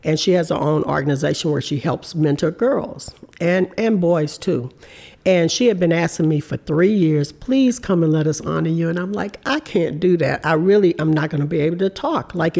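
A woman in her fifties speaks as a guest in a candid interview. Her voice carries a gravelly, creaky texture. She tells her story earnestly, acting out what others said to her. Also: lowish voice, moderate pace. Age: 50s. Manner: warm, earnest storytelling with reported speech.

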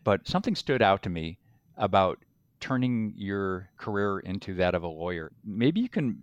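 A man's voice: low-pitched, expressive, normal speed, smooth, no echo, muffled recording. A man co-hosting a podcast for lawyers, asking long, rambling questions in a conversational way. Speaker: podcast co-host. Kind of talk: interview hosting.

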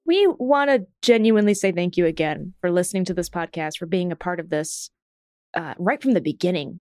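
A woman co-hosting a podcast in casual chat, frank and quick to laugh, swearing freely. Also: fairly low pitch, darkish tone, no echo. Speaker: podcast co-host.

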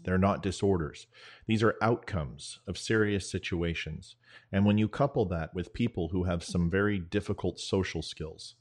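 A man hosting his own show, telling a spoken parable in an earnest, measured way with dramatic pauses. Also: deep voice, darkish tone. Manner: veteran advocate. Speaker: show host. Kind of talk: spoken parable, storytelling monologue.

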